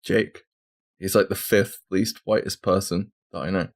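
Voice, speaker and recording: A man's voice: low voice, steady tone, measured pace. A man co-hosting a gaming podcast, casual and teasing, laughing often. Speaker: podcast co-host. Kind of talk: casual banter.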